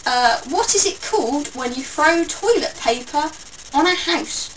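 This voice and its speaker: A young woman with a British accent talks to camera in a loose, rambling way, poking fun at herself as she goes. Her voice sits a little high, and the mic is set back from her with a faint hiss behind. It sounds like an easygoing home vlog. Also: expressive, unhurried, a bit bright. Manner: rambling and self-mocking. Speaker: vlogger. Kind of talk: casual chat to camera. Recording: distant mic with faint background noise.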